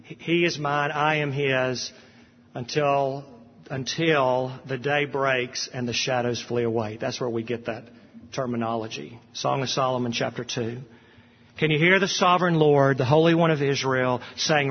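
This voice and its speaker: A man's voice: mid-range voice, steady tone, measured pace. A man preaching a sermon with passion, lifting his voice when he quotes scripture. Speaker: pastor. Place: church sanctuary. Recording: dull sound with long hall reverb.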